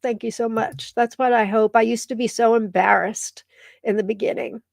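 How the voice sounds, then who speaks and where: A woman's voice: on the high side, steady tone, moderate pace, creaky, no room sound, clean studio sound. A middle-aged woman hosting a casual live stream, teary and emotional as she reads viewer comments aloud. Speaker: live show host.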